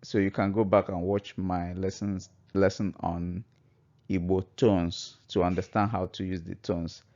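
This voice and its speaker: A man's voice: low-pitched, level tone, measured pace, dark tone. A man teaching a language lesson, patiently explaining and repeating each phrase. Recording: dull lo-fi recording.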